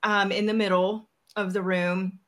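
A woman telling a personal story in a casual podcast chat, animated and acting out the lines of the people in it. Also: mid-range voice, unhurried. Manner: animated, acts out quoted dialogue. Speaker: podcast host.

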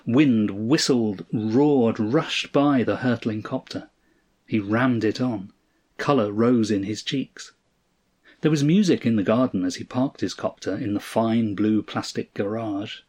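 Husky man reading a story aloud. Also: lowish voice, a little mellow. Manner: measured, dramatic storytelling. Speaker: narrator.

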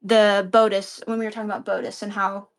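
A woman's voice: mid-range voice, little pitch movement, quick pace. A woman co-hosting a podcast, chatting in an easygoing, encouraging way. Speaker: podcast co-host. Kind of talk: casual podcast chat.

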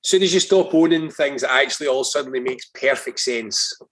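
A Scottish man, a guest on a podcast, telling stories in a lively, emphatic way and swearing freely. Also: mid-range voice, brisk, background noise. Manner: animated, emphatic storyteller who swears freely. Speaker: guest, political strategist. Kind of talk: casual podcast conversation, storytelling.

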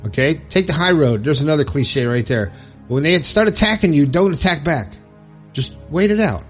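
Male self-help host, earnest and coaching, slightly high voice, light music bed. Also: animated, normal speed. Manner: earnest, coaching, checks in with "okay?". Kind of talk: motivational advice talk.

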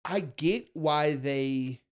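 A man's voice: on the high side, very slow. A young man chatting as a podcast guest, laid-back but emphatic, calling people bro. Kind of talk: casual chat.

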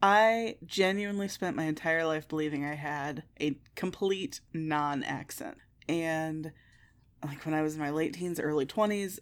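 Midwestern woman podcast co-host, low-ish voice, candid and profane, self-mocking chat. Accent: Midwestern American. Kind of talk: casual chat.

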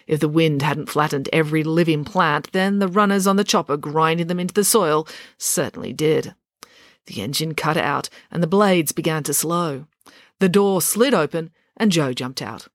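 A woman reading a children's chapter book aloud, steady and expressive. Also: sits low, dry recording, clean studio sound. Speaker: storyteller.

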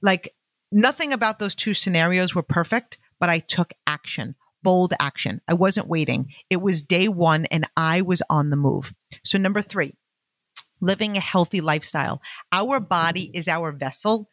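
A woman telling lively personal business stories in a motivational talk, acting out the dialogue and speaking straight to her listeners. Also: on the low side, normal speed, dry recording. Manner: animated, acts out quoted dialogue, addresses listeners as "you guys". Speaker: network marketing business owner.

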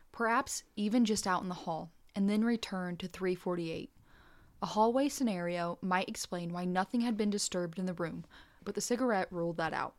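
A woman co-hosting a podcast, reading a nonfiction account aloud in a steady, measured way. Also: mid-range voice. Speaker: podcast co-host.

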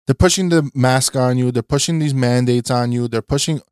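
A man of middle pitch speaks as a podcast guest, impassioned and urgent, and keeps repeating "listen" as he rallies people. The recording is dry and close, with no room echo. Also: a little fast, clear, resonant tone. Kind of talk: casual podcast chat.

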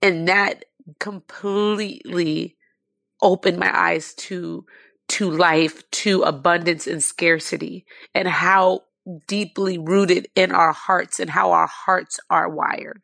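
A woman guest telling an emotional personal story, impassioned and near tears, with many fillers and halting restarts. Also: lowish voice, steady tone, gravelly, a bit bright, no room sound.

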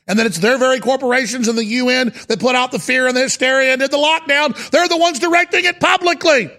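A man hosting a political talk radio show, ranting in a heated, emphatic, rapid-fire way. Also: very high-pitched, bright, forceful tone.

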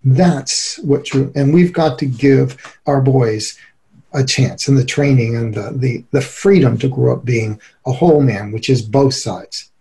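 A middle-aged man giving an earnest, animated interview as a relationship expert, often breaking into laughter. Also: medium pitch, a little slow, creaky. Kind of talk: conversational interview.

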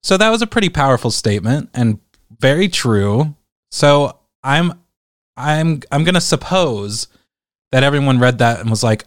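A man's voice: medium pitch, very animated, normal speed, no echo, clean studio sound. Profane, exasperated man ranting dryly. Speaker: commentator reading online comments. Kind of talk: casual ranting commentary.

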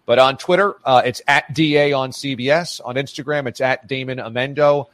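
A man's voice: medium pitch, steady tone, moderate pace, fairly bright tone, no room sound. Man, sports radio guest, casual chat, emphatic, repeats for punch, dry close sound.

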